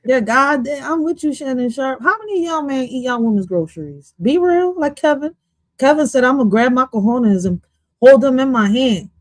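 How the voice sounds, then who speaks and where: A woman streaming casual reaction commentary on an interview clip, loud, profane and playful, dropping in Spanish phrases. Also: high voice, expressive, moderate pace, dry recording.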